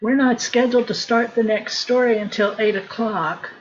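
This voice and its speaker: A woman's voice: fairly high pitch, fairly even intonation, moderate pace, a little hiss or hum. Woman event host, chatty, muffled lo-fi audio. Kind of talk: casual event hosting.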